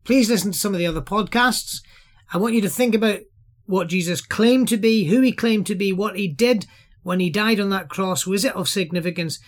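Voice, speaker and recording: A man's voice: high voice, brisk. A man giving an earnest, explanatory Bible teaching for a podcast, sermon-style.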